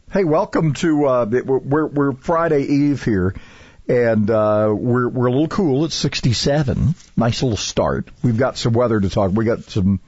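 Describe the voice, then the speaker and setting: A man's voice: mid-range voice, a little mellow, breathy edge, no echo, lo-fi sound. A man hosting a talk radio show, chatting casually and rambling with many fillers and restarts.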